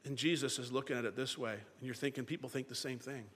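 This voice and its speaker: A man preaching a sermon as pastor, swinging between loud emphasis and hushed, quiet lines. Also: medium pitch, fast, husky. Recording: long reverb of a large hall.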